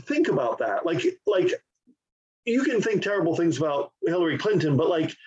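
A man co-hosting a podcast, speaking in a halting, agreeable way with lots of fillers. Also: fairly high pitch, sing-song, a little mellow, highs cut off. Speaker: podcast co-host. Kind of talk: casual political chat.

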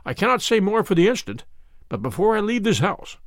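A man voicing a keen detective speaking in a measured, soothing way. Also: sits high, big pitch swings, no echo, clean studio sound, voice pushed up. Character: calm, keen male detective.

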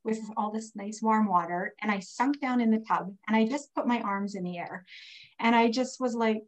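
A woman recounting a personal faith story in a casual, heartfelt way. She is getting over pneumonia and speaks in a slightly high voice, stopping often on fillers as the feeling builds. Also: moderate pace, poor audio. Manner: earnest, emotional storytelling with many fillers. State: recovering from pneumonia. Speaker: guest telling a personal story. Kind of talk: casual testimony.

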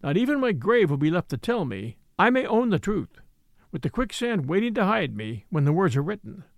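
A man's voice: sits high, sing-song, fairly quick, dry recording, clean studio sound. A man reading a young maid's solemn confession. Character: young female servant writing a grave confession. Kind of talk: audiobook letter reading.

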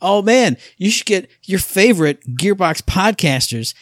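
A man's voice: high-pitched, very animated, a little slow, dry recording, studio quality. A man co-hosting a casual gaming podcast, jokey and playful, who acts out exaggerated impressions of people. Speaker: podcast co-host.

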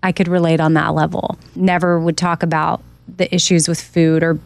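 A woman's voice: sits low, flat delivery, moderate pace, vocal fry, no room sound. A woman co-host in casual podcast chat, talking in a candid and reflective way.

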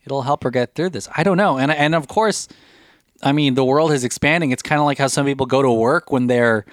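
A man's voice: mid-range voice, fairly quick, dry recording, clean studio sound. A man co-hosting a podcast, talking casually in a rambling, jokey way. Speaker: podcast co-host. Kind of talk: casual chat.

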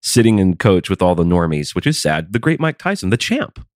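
A man co-hosting a casual podcast, telling stories in an animated, profane way. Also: low-pitched, a little fast, dry recording, clean studio sound.

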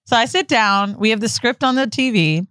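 She speaks at a normal speed with a fairly high, clean voice and no echo, co-hosting a podcast. Her casual storytelling is animated, heavy on swearing, and full of acted-out quotes.

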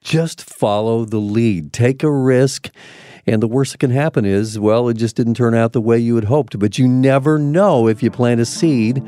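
A man's voice: mid-range voice, normal speed, warm tone, no echo. A man hosting a morning radio show, reflecting in an encouraging way to close a segment.

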